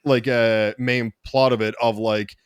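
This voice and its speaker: A man with an Irish accent, a podcast guest in casual chat, swearing freely as he tells a long, animated story. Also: medium pitch, a little slow, clear, resonant tone, no echo, clean studio sound. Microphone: desk mic in front of a camera with a teleprompter.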